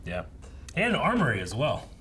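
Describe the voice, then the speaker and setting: A man's voice: mid-range voice, wildly swooping pitch, brisk, sharp tone. A young man co-hosting a reaction show, talking through his thoughts casually with plenty of fillers. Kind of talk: casual discussion. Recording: faint background noise.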